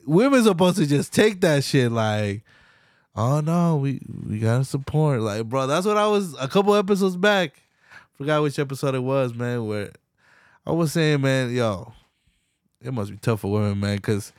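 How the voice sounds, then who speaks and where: Young male podcast host, profane and animated, mid-pitched voice, dry close mic. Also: moderate pace, clean tone, dry recording. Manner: profane, animated, slangy, laughs often. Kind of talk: casual solo podcast rant.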